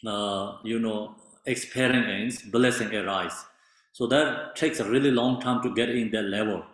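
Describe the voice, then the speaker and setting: A man teaching meditation in halting non-native English with many fillers, explaining patiently. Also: mid-range voice. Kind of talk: meditation instruction. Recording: very echoey room.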